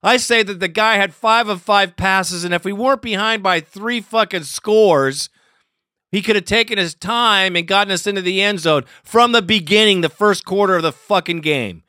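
A man's voice: high voice, moderate pace, bright, forceful tone, dry recording, studio quality. A man hosting a sports fan podcast, ranting angrily and profanely after a lost game. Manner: profane and furious, swearing constantly. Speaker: podcast host. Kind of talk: angry postgame rant.

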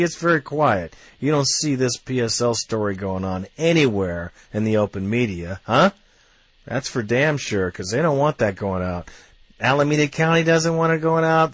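Ranting as a fan commentator, a man with a mid-range voice swears bluntly and readily, working himself into heated outbursts. There's no echo on the recording.

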